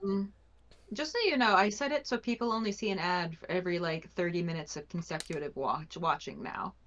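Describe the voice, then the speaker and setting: Low-pitched chatty woman, lo-fi audio. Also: brisk, fairly bright tone. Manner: chatty, reads viewer questions, trails off searching for words. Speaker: co-host of a live stream. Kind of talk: casual live-stream chat.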